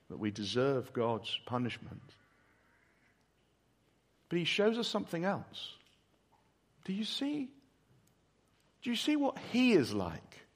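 A man preaching earnestly, pleading with listeners, then leading a slow prayer and answering a question. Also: a little high. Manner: earnest, pleading, with soft drops and emphatic rises. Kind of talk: sermon with prayer and Q&A.

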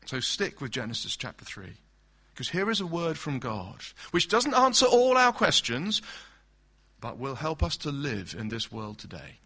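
A male preacher gives an earnest, emphatic sermon to his congregation. His voice is bright and slightly high, and his pitch moves a lot as he presses his points with direct questions. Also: huge pitch swings, normal speed. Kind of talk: expository sermon.

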